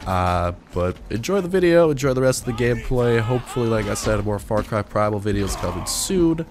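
A man's voice: medium pitch, expressive, a little fast, noisy background. A man with a nasal voice giving casual, rambling gameplay commentary as a gaming channel host. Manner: casual, rambling, with many fillers.

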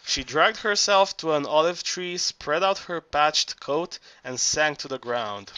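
A man narrating an audiobook in a halting reading voice, often stumbling and restarting words. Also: fairly high pitch, lively intonation, sharp tone, clear, resonant tone, no echo.

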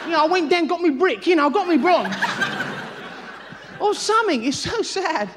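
Frantic high-voiced comedian. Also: male voice, animated, moderate pace. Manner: frantic, high-energy, swearing, acting out voices. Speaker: stand-up comedian. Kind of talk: live stand-up comedy. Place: theatre stage before a laughing audience. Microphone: stage mic. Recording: live theatre recording with audience noise.

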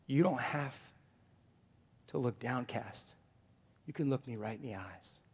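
Husky man preaching in a reverberant church. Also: medium pitch, unhurried, long pauses. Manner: animated preaching, jokes with the congregation. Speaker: pastor. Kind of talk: sermon. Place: church sanctuary. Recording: long hall reverb.

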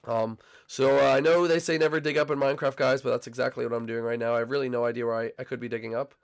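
Young guy gaming, kinda hoarse and gravelly, hypes up and roasts his friends, faint music behind. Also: medium pitch, racing. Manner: excitable, teasing banter with teammates. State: recovering voice, slightly hoarse. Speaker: gaming channel host. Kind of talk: casual gameplay commentary.

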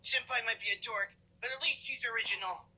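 A woman's voice: fairly high pitch, fast talker, bright, forceful tone, breathy edge, exaggerated voice, rough recording. A woman voicing a scheming, cocky teenage boy in a cartoon, whiny and brash. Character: scheming teenage boy, first day at school. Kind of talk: cartoon voice acting.

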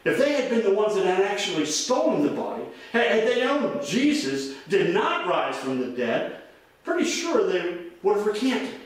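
High-voiced preacher in an echoey church. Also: male voice, very animated, moderate pace. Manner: earnest preaching with frequent word repeats. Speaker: pastor. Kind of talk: sermon. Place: church sanctuary. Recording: roomy echo, voice from a distance.

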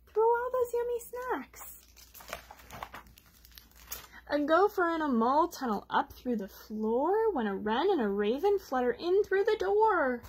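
High, slow, husky storytime reader woman. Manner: expressive, asks children questions. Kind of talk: reading picture books aloud.

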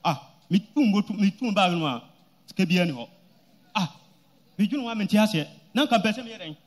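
Hesitant man giving rapid testimony. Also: high-pitched, lively intonation. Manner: halting, hesitant, with restarts and fillers. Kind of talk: halting testimony.

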